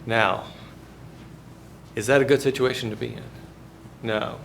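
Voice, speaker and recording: A male business professor, lecturing through a folksy, joking story. His voice sits at a middle pitch and moves in a relaxed conversational way, with a faint steady hiss behind it. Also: measured pace, creaky.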